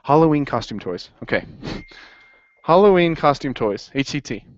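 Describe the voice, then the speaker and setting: A man teaching an accounting class in a lively classroom lecture, quizzing students as he goes. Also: medium pitch, normal speed, dry recording. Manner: upbeat, asks the class questions. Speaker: accounting instructor. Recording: dry, dull lo-fi classroom recording.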